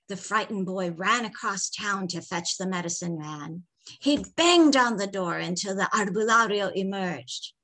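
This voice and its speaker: A woman author reading her folktale aloud in a measured, expressive way. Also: medium pitch. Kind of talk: storytelling read-aloud.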